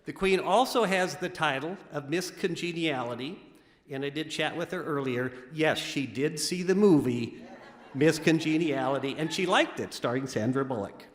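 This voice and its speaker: A man emceeing an awards ceremony in a relaxed, joking manner with frequent fillers. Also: on the high side, normal speed. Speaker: master of ceremonies. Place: large historic theater. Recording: echoey theater with a crowd behind.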